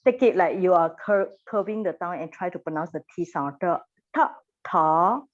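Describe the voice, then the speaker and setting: A woman teaches pronunciation in a classroom and patiently repeats each sound for her students. Her voice sits slightly low. The recording is dull and lo-fi. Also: fairly quick, a little mellow.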